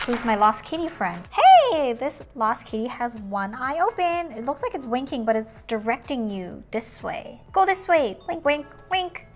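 A woman hosting a casual toy unboxing, bubbly and exclaiming as she talks to viewers like friends. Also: a little high.

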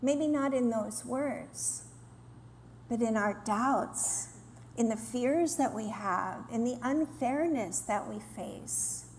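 High-voiced woman preaching slowly in a hall. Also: slight background noise. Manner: earnest, acts out quoted complaints in lively voices. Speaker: women's ministry speaker. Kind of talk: sermon. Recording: roomy hall with faint ambience.

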